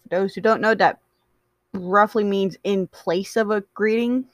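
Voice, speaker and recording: A woman's voice: medium pitch, fairly even intonation, a little slow, no echo. A woman reads fan fiction aloud in a casual way. She trips over words, goes back to fix them, and breaks off for chatty asides. The sound is dry and close. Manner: stumbling, self-correcting, chatty asides. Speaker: story reader.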